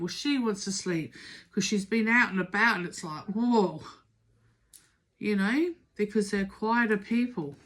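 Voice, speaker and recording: A middle-aged woman giving a casual spoken tarot reading, emphatic and urging, repeating words for stress. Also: medium pitch. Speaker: tarot reader.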